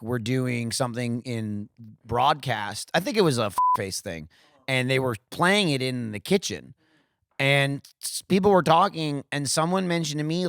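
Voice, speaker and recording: A man's voice: medium pitch, dry recording, clean studio sound. A man co-hosting a comedy food podcast, telling stories in a casual chat and acting out what people said. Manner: animated storyteller, acts out quotes. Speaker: podcast co-host.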